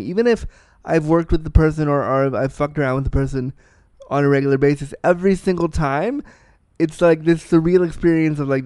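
A man's voice: fairly high pitch, fairly even intonation, fairly quick, darkish tone, clean tone, dry recording. Blunt, profane man chatting about a film. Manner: blunt, profane, self-deprecating storyteller. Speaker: film reviewer. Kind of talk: candid casual film review.

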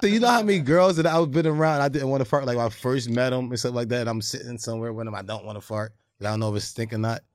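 Man co-host, relaxed crude banter, mid-pitched voice, dry recording. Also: racing, hardly any pauses, no room sound. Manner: laid-back and crude, drawls and mumbles. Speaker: podcast co-host. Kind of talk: casual podcast banter.

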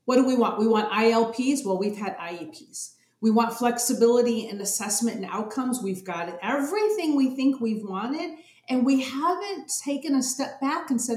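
Woman policy advocate, kinda high voice, earnest, gets emotional, echoey room. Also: normal speed, few pauses. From Arizona. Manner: earnest, emotional, repeats words when excited. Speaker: special education policy advocate. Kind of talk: interview conversation.

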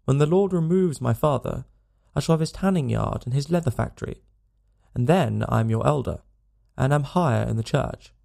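A man playing a pious, boastful young suitor in a storybook reading, with a gravelly voice. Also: medium pitch, expressive, normal speed, dark tone. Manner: sanctimonious, self-assured.

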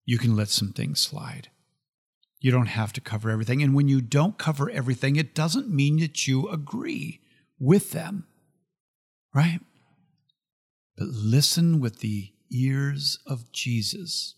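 Male host, gravelly, lively teaching talk, repeats for emphasis. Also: medium pitch, a little slow. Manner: animated, laughs often, repeats phrases for emphasis. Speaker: podcast host.

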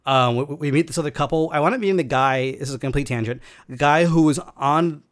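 A man telling a long personal story in casual chat, rambling and halting with many fillers and restarts. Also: a little high.

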